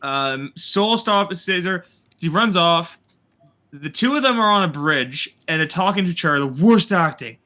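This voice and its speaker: A man hosting a casual review chat, retelling scenes in an animated, sarcastic way with swearing. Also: on the high side, moderate pace. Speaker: host reviewing a TV series.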